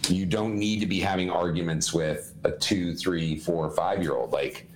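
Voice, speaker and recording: A man's voice: low voice, normal speed, roomy sound, rough recording. A man co-hosting a casual podcast chat, earnestly explaining parenting advice as an educator and repeating points for emphasis.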